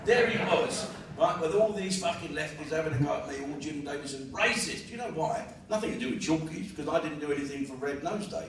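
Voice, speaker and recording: A man's voice: a little high, fairly quick, few pauses, slight background noise. A man in his fifties with a South London accent, performing a brash, crude stand-up routine full of swearing. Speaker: stand-up comedian. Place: live venue with an audience. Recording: echoey venue audio from far off.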